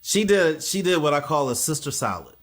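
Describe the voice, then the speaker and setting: A man's voice: fairly high pitch, sing-song, brisk. A man co-hosting a podcast, chatting casually about a reality show, joking and laughing at his own bits. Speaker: podcast co-host. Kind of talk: casual reality TV recap chat.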